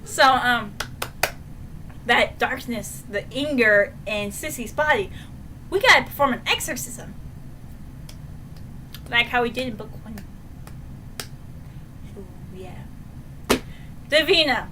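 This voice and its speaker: A woman recapping a book in a casual review, excitable and prone to shouting out the big moments. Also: a little high, takes it slowly, pauses often, noisy background. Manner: excitable, retells scenes with shouts and sound effects.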